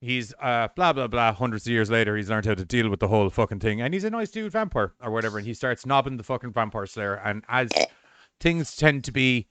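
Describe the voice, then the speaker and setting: A man's voice: mid-range voice, expressive, fairly quick, a bit bright, smooth. A man co-hosting a casual podcast chat, recapping a show in a rambling, profane, sarcastic way. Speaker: podcast co-host.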